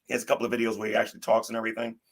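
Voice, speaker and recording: Gravelly low man on a livestream. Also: monotone, rapid-fire. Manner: defensive, repeats words and restarts often. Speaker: livestream commentary host. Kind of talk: casual commentary on a livestream.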